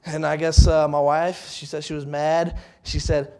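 A middle-aged man preaching a sermon in a church, speaking conversationally and haltingly, with many fillers and restarts. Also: a little high, little pitch movement, dark tone. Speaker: pastor.

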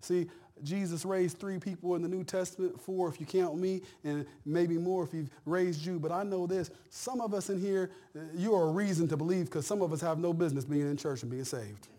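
A middle-aged man preaching a sermon as pastor, in a folksy, conversational way, repeating phrases and swinging between hushed and loud. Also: sits high, brisk.

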